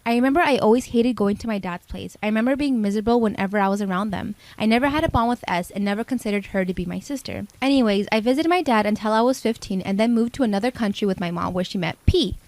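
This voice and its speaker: A woman in her twenties reading a confessional story in an even, steady way. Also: mid-range voice, fast talker, hardly any pauses, no room sound. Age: 20s.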